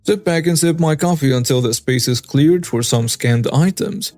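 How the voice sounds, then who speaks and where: Male narrator, slightly high voice, wry storytelling, faint music bed. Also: normal speed, darkish tone, no echo. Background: faint background music.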